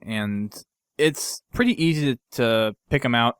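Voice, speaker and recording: A man's voice: mid-range voice, measured pace, smooth, dry recording. A man hosting a podcast, casually recapping a game mission in a rambling way with lots of fillers and restarts. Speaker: podcast host.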